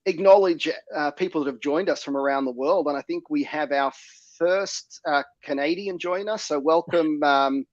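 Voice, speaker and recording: A man with a raspy, somewhat high voice and a sore throat hosts a casual livestream. He speaks in a relaxed way, full of ums and uhs. His mic sounds dry and dull. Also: normal speed, dry recording. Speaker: host.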